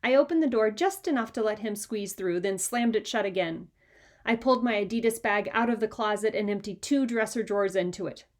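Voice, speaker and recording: A woman reading a children's chapter book aloud in a lively, expressive way. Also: mid-range voice, brisk. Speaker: reader. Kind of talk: storybook read-aloud.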